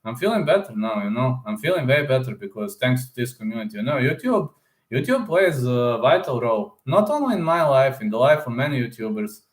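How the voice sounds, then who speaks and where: A man's voice: mid-range voice, big pitch swings, a little fast. Rambling man chatting in echoey room. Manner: rambling, informal, addresses listeners as "man". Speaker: YouTube channel host. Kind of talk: casual chat with viewers.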